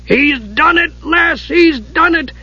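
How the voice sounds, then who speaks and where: A man voicing an excitable old male dwarf who talks in breathless, urgent bursts. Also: very high-pitched, slow, lo-fi sound, pitched above the performer's own voice, full character voice. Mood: urgent excitement.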